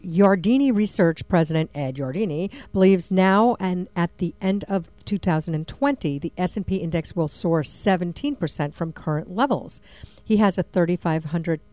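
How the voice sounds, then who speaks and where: A woman co-hosting a radio talk show, chatty and quick to laugh while reading out survey figures. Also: lowish voice, mellow, no echo. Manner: chatty, laughs often, reads figures aloud. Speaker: radio co-host.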